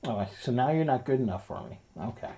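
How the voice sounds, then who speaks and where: A woman's voice: a bass voice, lively intonation, quick pace, mellow, echoey room. A woman at home coaxing her cats in sing-song baby talk and meowing at them, recorded from a distance. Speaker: vlogger filming her cats. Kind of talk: casual talk to pets. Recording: distant, dull lo-fi camera audio with noise.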